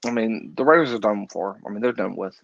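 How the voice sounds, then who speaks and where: A man's voice: lowish voice, brisk, gravelly, dry recording. A man co-hosting a sports podcast in casual chat, hesitant and repeating words as he talks. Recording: dull, slightly lo-fi mic.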